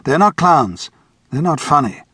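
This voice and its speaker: A man voicing a confused, wary banker in his fifties who calmly describes things no one else sees. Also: fairly high pitch, measured pace, breathy edge, no echo, clean studio sound, pitched above the performer's own voice, heavily acted. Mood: insistent. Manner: puzzled, wary, matter-of-fact. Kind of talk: audiobook character voice.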